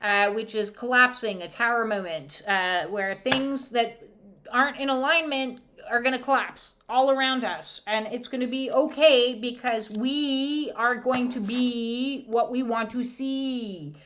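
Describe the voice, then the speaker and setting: A woman's voice: fairly high pitch, unhurried, fairly bright tone, slight background noise. A woman doing an oracle reading, talking in a casual, irreverent spiritual monologue with wry humor and plenty of fillers. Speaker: oracle reader.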